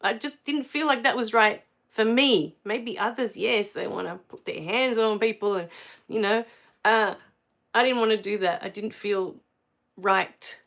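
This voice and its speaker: Australian woman, middle-aged, casual livestream storyteller; effusive, lifts into bright exclamations. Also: medium pitch, unhurried. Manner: warm and effusive, rising to excited exclamations. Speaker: spiritual livestream host.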